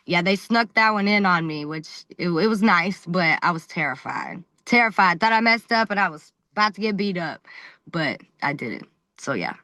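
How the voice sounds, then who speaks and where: A woman wrestler talks as a podcast guest, telling stories bluntly with lots of swearing and laughter. Her voice is bright and forceful, recorded close and dry. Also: medium pitch, a little fast, no room sound. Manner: animated, blunt, swears freely, laughs often. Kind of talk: casual storytelling interview.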